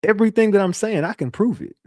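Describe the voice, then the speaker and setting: Profane, rambling man with a mellow voice. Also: sits high, quick pace, no room sound, clean studio sound. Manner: profane, rambling, conversational storytelling. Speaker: online show host. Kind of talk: casual monologue to viewers.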